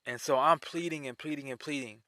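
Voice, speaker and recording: A man telling a personal story in a casual, animated way, often repeating himself. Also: fairly high pitch, fairly quick, no echo, clean studio sound.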